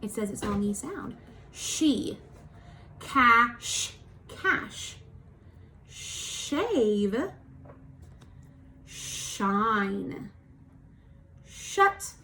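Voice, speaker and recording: A woman teacher giving a recorded phonics lesson for young children, slowly modelling sounds for them to repeat and praising them patiently. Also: mid-range voice, sing-song, a bit bright. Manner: encouraging, patient. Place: at home.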